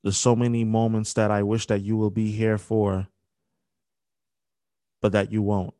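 A young man hosting a podcast, speaking a halting, grief-filled dedication with many restarts. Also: on the low side, little pitch movement, dark tone, dry recording. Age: young adult. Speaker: podcast host. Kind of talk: emotional spoken dedication.

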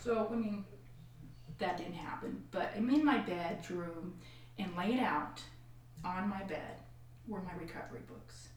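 A woman tells a hard personal story as a podcast guest, her voice lively and expressive as she acts out what others said. She sounds a little distant from the microphone. A strong echo fills the room, with a faint hiss underneath. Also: lowish voice, measured pace, long pauses. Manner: animated, acts out quoted voices, frequent laughs. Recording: far-off echoey room mic.

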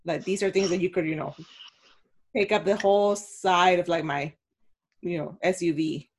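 A woman in her thirties co-hosting a podcast, telling stories in an animated, excitable way. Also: fairly low pitch, normal speed, breathy edge. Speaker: podcast co-host. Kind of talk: casual chat.

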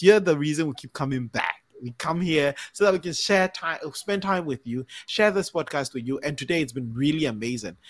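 A man hosting a podcast sign-off, talking in an upbeat, cheering-on way that rambles and restarts. His voice sits fairly high for a man. The recording is dry and close, with no room sound. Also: dry recording. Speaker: podcast host.

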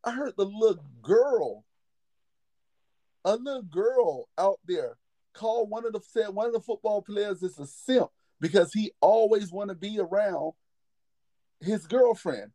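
High-voiced emphatic man, podcast chat. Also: expressive, a little slow, mellow, no echo. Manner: emphatic, repeats words for punch. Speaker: podcast host; football coach.

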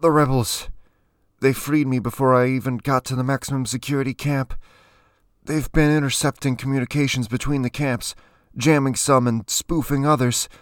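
A man voicing a desperate young male captive who pleads in a hoarse, rasping voice. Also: sits high, very animated, measured pace, few pauses, pushed and bright, no room sound, studio quality, pitched above the performer's own voice, exaggerated voice. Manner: pleading, breathless gasps.

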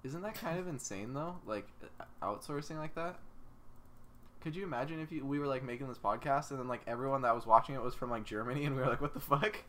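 A man's voice: mid-range voice, quick pace, fairly bright tone. A young man co-hosting a casual podcast, rambling and swearing with frequent laughs. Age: young adult. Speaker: podcast co-host. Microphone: remote call mic.

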